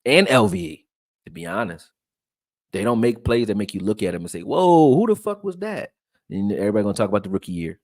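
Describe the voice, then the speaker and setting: A man from Texas, raised in Philadelphia, breaking down football film and reading chat on a live stream in a loose, profane, animated way. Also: lowish voice, fast, creaky, dry recording, clean studio sound. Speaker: sports commentary streamer.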